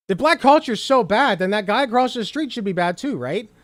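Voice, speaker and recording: A male commentator reacting to a clip with sarcasm and plenty of profanity. His voice sits high and jumps around a lot. The sound is close and dry, with no room around it. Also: lively intonation, brisk, hardly any pauses, fairly bright tone, no echo. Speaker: host.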